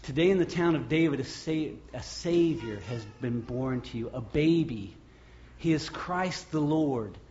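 A man preaching a sermon, retelling scripture stories with lively acted voices and quotes. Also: a little high, a little slow. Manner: storytelling preacher acting out scripture scenes. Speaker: pastor. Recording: lo-fi muffled sound.

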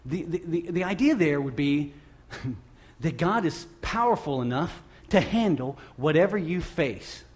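A middle-aged man preaching from the pulpit in a conversational sermon style, his voice sitting a touch higher than usual. He mocks himself and shifts from quiet, reflective asides into emphatic, rising bursts. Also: lively intonation, a little slow. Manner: conversational, self-deprecating, with emphatic rises. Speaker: pastor.

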